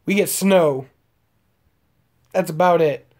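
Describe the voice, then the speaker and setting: His voice is a little high and slow, with a darkish tone. This man in his late twenties from Omaha, Nebraska, United States, chats casually with stream viewers, rambling through crude, profane stories with frequent fillers and laughter.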